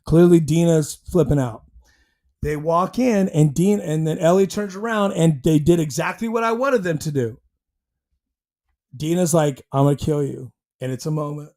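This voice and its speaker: A man hosting his own show, rambling through an animated retelling of a TV episode and growling out sound effects. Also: a little high, normal speed. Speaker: host. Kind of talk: casual recap and commentary.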